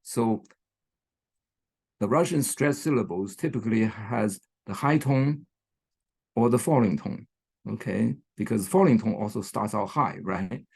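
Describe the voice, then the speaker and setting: Gravelly man lecturing online, checking "right?". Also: on the low side, animated, a little slow, a little mellow. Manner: frequent fillers and "right?" checks. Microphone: computer mic on a video call.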